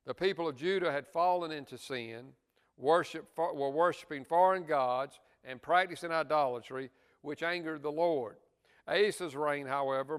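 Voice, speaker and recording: A man's voice: on the high side, clear, resonant tone, in a large hall. A man teaching a Bible study lesson in a church, earnest, stressing key words and adding asides to the class.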